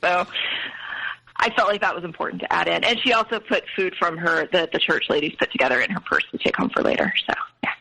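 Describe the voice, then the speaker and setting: A woman's voice: lowish voice, fast talker, vocal fry, bright, forceful tone, rough recording. A woman guest telling a personal family story in an interview, hesitant, with many fillers and restarts.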